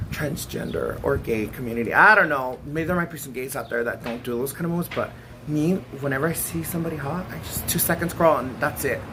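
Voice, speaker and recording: A woman's voice: very deep voice, fairly bright tone. A woman vlogger in casual storytime chat, giggly and chatty, often breaking into laughter. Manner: chatty, keeps calling the viewer "girl". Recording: noisy background hiss.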